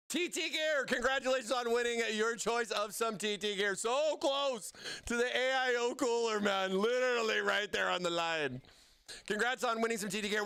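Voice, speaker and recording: A man's voice: high voice, pushed and bright, smooth, no room sound. A man hosting a casual livestream giveaway, hyped and slangy, calling viewers "baby" and "bro.". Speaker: livestream host.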